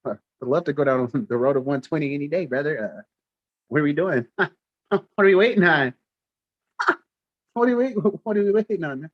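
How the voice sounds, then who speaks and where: A man's voice: on the high side, brisk, pauses often, dry recording. Playful man chatting on a lo-fi stream. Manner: playful teasing, laughs often, talks back to the chat. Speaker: livestream host. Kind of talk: casual livestream chat.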